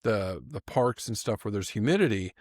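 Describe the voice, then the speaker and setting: Low-voiced chatty male podcast host. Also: lively intonation, moderate pace, darkish tone, no room sound, clean studio sound. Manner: chatty, laughs often, frequent restarts. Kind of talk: casual chat.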